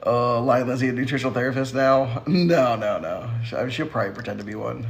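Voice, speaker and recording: Gravelly, sassy man hosting a livestream. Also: mid-range voice, quick pace. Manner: sassy, teasing, laughs often. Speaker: livestream host. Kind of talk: casual livestream chat answering comments.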